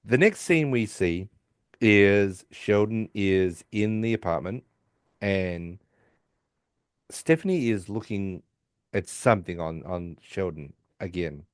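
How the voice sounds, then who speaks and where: A male podcast co-host casually recaps an episode at a slow pace, acting out the characters' lines in higher, raised voices. His delivery is expressive, and the recording is dry and studio quality.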